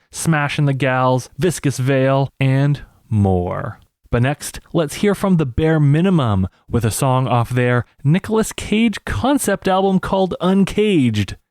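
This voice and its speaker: A slick, upbeat college radio DJ, as a man puts him on rattles through station announcements. The voice is mid-pitched and recorded dry and close. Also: darkish tone, dry recording, close to an everyday voice. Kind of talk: radio DJ patter.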